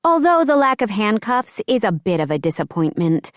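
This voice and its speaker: A woman's voice: mid-range voice, sing-song, normal speed, no echo, clean studio sound, voice pushed up, lightly acted. A woman doing a bubbly, teasing young woman friend.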